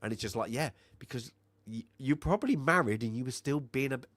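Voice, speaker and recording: Male co-host, mid-pitched, rambling scene recap with quick impressions, dry close mic. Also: lively intonation, a bit bright, dry recording. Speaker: film review podcast co-host. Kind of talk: casual chat.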